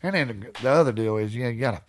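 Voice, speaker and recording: A middle-aged man, a podcast guest telling stories in casual chat, energetic and swearing freely. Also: mid-range voice, very fast.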